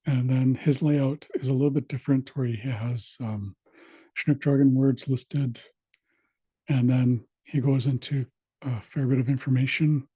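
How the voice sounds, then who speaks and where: A man teaching an online language class, walking through old dictionaries in a plain, steady way with frequent pauses and fillers. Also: medium pitch, breathy edge, no room sound. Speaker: language instructor. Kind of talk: online class screen-share walkthrough.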